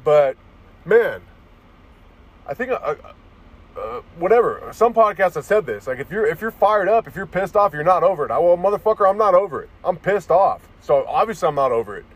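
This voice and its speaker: A man ranting straight to camera, swearing freely and rambling from one grievance to the next. His voice sits a little high for a man, and he keeps tripping over restarts. It sounds like a loose vlog recorded in a vehicle. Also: sing-song, a little fast. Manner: profane, rambling, restarts often. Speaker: vlogger. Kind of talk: casual ranting monologue.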